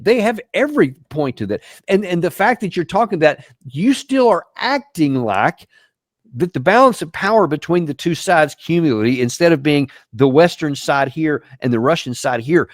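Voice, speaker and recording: A man's voice: fairly high pitch, no room sound, studio quality. A man hosting a show, giving emphatic, incredulous commentary on news clips. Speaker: host and military commentator.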